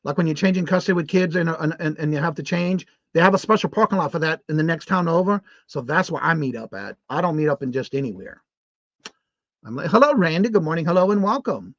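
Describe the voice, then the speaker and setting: A man's voice: a little high, expressive, fast, no room sound. Chatty man hosting a livestream. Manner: chatty, upbeat, rambling with restarts. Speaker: host of a morning live show. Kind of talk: casual live-stream chat, reading viewer comments aloud. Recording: dull, muffled lo-fi stream audio.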